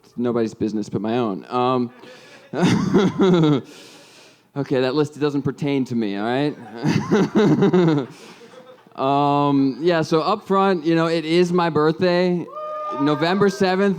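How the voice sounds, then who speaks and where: A man's voice: a little high, takes it slowly, darkish tone. Rambling young man doing stand-up. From Minnesota, USA. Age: 20s. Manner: rambling, self-deprecating, lots of "like" and "um". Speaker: stand-up comedian. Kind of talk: stand-up comedy set. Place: comedy club stage with audience.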